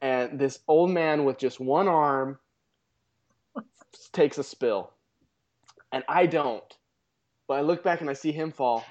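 A man's voice: a little high, slow pace, long pauses, highs cut off. Laid-back man rambling through a story. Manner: rambling, self-amused, frequent restarts. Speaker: podcast guest. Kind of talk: casual storytelling.

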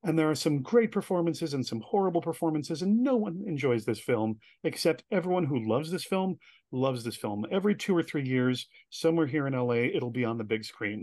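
Animated male storyteller, dry close sound. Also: mid-range voice, no room sound. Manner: animated storyteller who acts out quoted voices. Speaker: interview guest. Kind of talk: casual storytelling interview.

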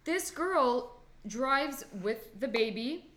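A woman's voice: high voice, expressive, extremely slow, fairly bright tone. A young woman chats bluntly with her podcast co-host, thinking aloud and restarting her sentences as ideas come. The room is echoey, so her voice has a roomy ring. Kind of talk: casual chat.

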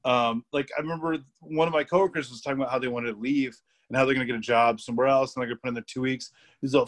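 A man's voice: mid-range voice, steady tone, racing, few pauses. Rambling young man telling work stories. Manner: rambling, laughing, heavy filler words and swearing. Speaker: podcast guest. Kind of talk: casual storytelling chat.

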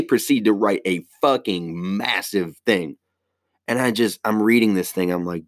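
A man's voice: fairly low pitch, unhurried, dry recording, studio quality. A man on a casual, rambling rant, heated and swearing heavily.

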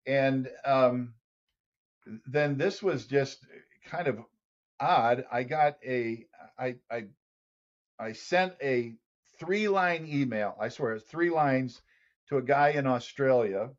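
A male podcast guest tells an animated story and slips into other people's voices along the way. His pitch is middling, and the recording sounds a little dull and lo-fi. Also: takes it slowly. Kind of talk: storytelling in an interview.

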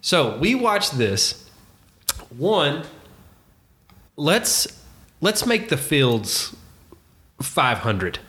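Middle-aged male co-host, chatty and animated, casual swearing. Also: on the high side, extremely slow, pauses often. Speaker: podcast co-host. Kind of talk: casual chat.

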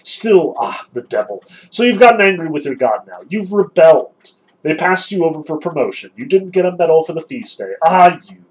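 A man reading aloud as a mocking, unscrupulous young male seminarian, goading and sneering with a husky voice. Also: a little high, big pitch swings, moderate pace, pitched above the performer's own voice. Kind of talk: dramatic reading of a novel.

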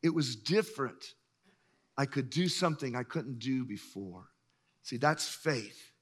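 A middle-aged man preaching a sermon, telling stories with lively acted-out voices and frequent chuckles. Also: on the high side. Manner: animated storyteller, acts out voices, chuckles often. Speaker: pastor.

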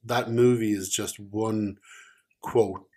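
A man chatting casually with his partner, teasing her in a dry, deadpan way. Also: on the low side, takes it slowly. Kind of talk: casual chat.

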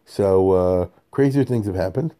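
A man's voice: low voice, unhurried, warm tone. A man teaching a conversational Torah class, digressive and chatty, often checking in with his listeners and chuckling between points.

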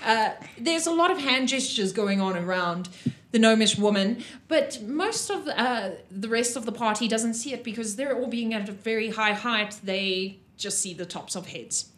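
A woman narrating a tabletop game as game master, in an animated manner with frequent giggles. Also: a little high, moderate pace. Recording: roomy echo.

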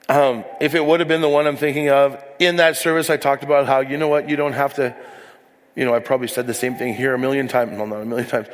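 In a church hall, a man preaches as a pastor, his fairly high voice ringing with big-room sound. The sermon is made up of frank stories at his own expense, with frequent asides.

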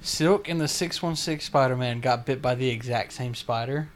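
A man's voice: mid-range voice, moderate pace, a little hiss or hum. A young man chatting casually with friends, crude and joking, telling stories with lots of laughter. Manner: crude, joking, animated storyteller, laughs often. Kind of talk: casual chat.

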